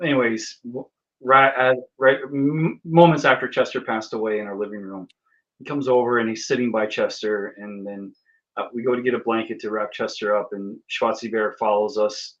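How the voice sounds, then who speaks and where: A guest speaks over a dull, lo-fi call line. The voice sits mid-range. The stories come out tender, and the guest gets choked up at times. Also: mid-range voice. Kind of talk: casual video-call chat.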